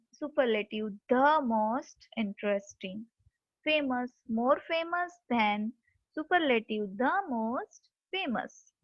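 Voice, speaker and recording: A woman's voice: on the high side, dry recording. A woman teacher explains a grammar lesson step by step, spelling words out letter by letter. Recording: dull lo-fi dry recording.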